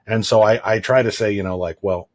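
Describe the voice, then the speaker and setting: Husky low-voiced man telling candid stories. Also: steady tone, fairly quick, darkish tone. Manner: candid, rambling storyteller with frequent restarts. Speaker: podcast host. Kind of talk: casual chat.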